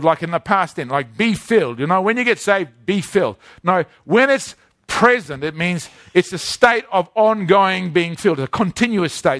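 High-voiced preacher, dry close sound. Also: male voice, animated, moderate pace, fairly bright tone, dry recording. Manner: conversational, asks the congregation questions. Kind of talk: sermon. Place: church in the Philippines.

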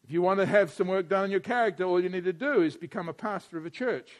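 A man preaching a sermon as a pastor, animated and acting out the voices of others. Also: sits high, fast.

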